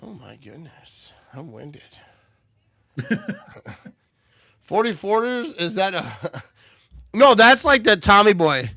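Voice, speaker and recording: A man's voice: high-pitched, sing-song, slow pace, pauses often, no room sound, clean studio sound. A man hosting a live watch party, joking and calling plays, a bit tipsy. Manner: loud, joking play-by-play banter. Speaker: livestream host.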